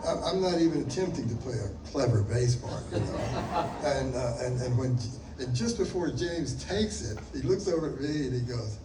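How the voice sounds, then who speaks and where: An older man, a session musician guest, telling rambling, animated anecdotes on a panel stage with many restarts. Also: mid-range voice, moderate pace, background noise. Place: event stage before an audience. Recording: echoey hall mic from a distance with crowd.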